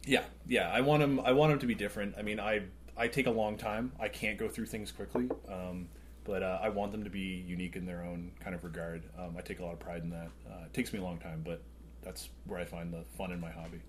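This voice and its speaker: A man's voice: deep voice, steady tone, fast, slight background noise. A man appearing as a podcast guest, talking earnestly about his hobby in casual conversation.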